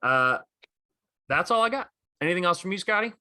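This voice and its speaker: A man's voice: sits high, lively intonation, fairly quick, pushed and bright, dry recording. A man co-hosting a casual sports podcast, retelling stories with enthusiasm and lots of fillers. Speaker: podcast co-host.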